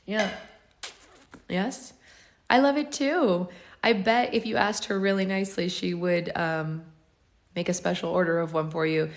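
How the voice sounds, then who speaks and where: Hoarse gravelly woman reading aloud and chatting on a live, kinda low voice, roomy echo. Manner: chatty, rambling, playful. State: hoarse, losing her voice. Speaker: book club livestream host. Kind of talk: reading aloud and casual chat.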